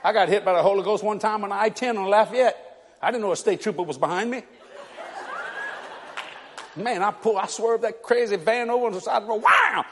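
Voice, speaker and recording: A man's voice: high voice, a little fast, long pauses, fairly bright tone, some chatter behind, slight background noise. A middle-aged man, preaching to a congregation in a church hall and telling funny stories, laughing often and acting out the people in them. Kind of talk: humorous storytelling sermon.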